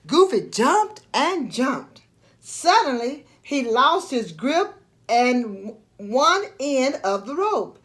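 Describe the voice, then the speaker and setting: Slow, expressive woman storyteller. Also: sits high. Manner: expressive, slow read-aloud. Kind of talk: storybook read-aloud.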